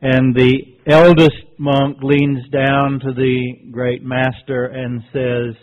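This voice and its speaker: A man presenting at a workshop, giving a reflective lecture and telling a teaching story in a measured, deliberate way. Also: medium pitch, little pitch movement. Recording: tinny phone-like recording.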